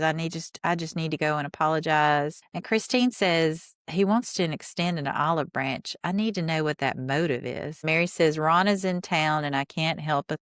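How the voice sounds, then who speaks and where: A woman's voice: low-pitched, smooth, no echo, studio quality. A woman hosting a podcast, casually recapping a reality show in an opinionated way, retelling scenes through quoted lines and throwing in sarcastic asides.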